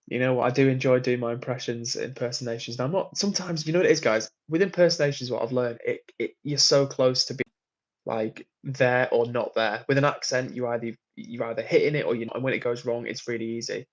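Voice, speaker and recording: A man's voice: medium pitch, quick pace, highs cut off. Chatty man hosting a livestream. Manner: chatty, friendly, laughs often. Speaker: livestream host. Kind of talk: casual live chat reading comments. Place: hotel room on a work trip.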